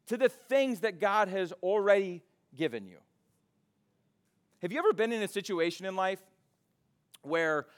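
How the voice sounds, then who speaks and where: A man preaching a sermon in a church, mixing scripture with casual storytelling and animated retellings. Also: on the high side. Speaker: pastor. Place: church sanctuary.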